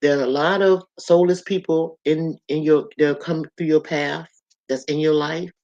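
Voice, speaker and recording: A woman's voice: sits low, steady tone, normal speed, darkish tone, highs cut off. A woman in her sixties hosting a casual live stream, chatting loosely with viewers and reading their comments out as she goes. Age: 60s.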